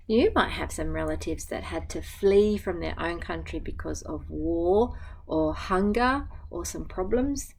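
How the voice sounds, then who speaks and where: An Australian woman reading a picture book aloud to children, stopping to explain the story in a gentle way. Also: lowish voice, measured pace, vocal fry, slight background noise, low-quality recording. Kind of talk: children's read-aloud with commentary.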